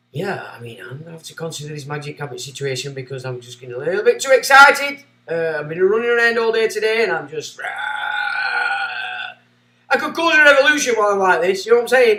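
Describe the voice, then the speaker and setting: This livestreamer's voice is a little high, animated and brisk as he sarcastically rants and reads out chat messages, alternating between loud and muttering. He's recorded from a distance in an echoey room.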